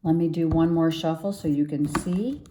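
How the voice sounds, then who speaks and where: A woman's voice: low voice, steady tone, normal speed, noisy background. A woman tarot reader giving an earnest, encouraging and emotional spiritual pep talk to the camera.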